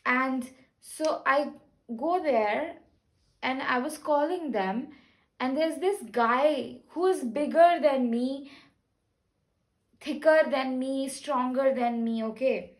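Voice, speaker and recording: A woman talking casually to camera in an earnest, rambling, gentle way, with many restarts. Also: sits high, slow, rough recording. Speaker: spiritual vlogger. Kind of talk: casual personal talk to camera.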